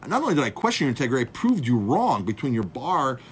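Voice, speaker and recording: Man, chef, casual storytelling, lively pitch, acts out dialogue, faint hiss behind. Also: fast talker. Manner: animated, acts out dialogue, addresses "folks". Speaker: chef and speaker.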